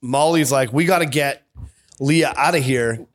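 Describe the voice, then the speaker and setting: A man's voice: medium pitch, measured pace. A man in his late thirties telling a long anecdote in casual chat, rambling and self-interrupting, often laughing through his punchlines. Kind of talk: casual storytelling.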